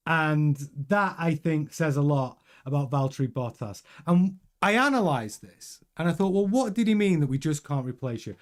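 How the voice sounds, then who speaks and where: A man's voice: a little high, animated, moderate pace, few pauses. A man hosting a casual news commentary show, chatty and rambling with many restarts and fillers.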